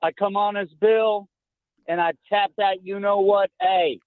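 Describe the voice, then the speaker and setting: A man's voice: sits high, steady tone, unhurried, dry recording. Guy calling into sports radio, brash and joking, phone line sound. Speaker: radio caller. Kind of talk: casual call-in chat.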